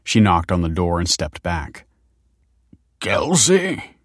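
Deep-voiced man reading a story. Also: steady tone, moderate pace, dry recording, clean studio sound. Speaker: narrator. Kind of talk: scripted narration.

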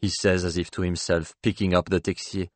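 A man with a very deep, low voice reads a first-person novel aloud. His delivery is measured, with a dry, ironic edge, and the sound is close and dead. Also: level tone, no room sound. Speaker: audiobook narrator. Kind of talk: scripted first-person narration.

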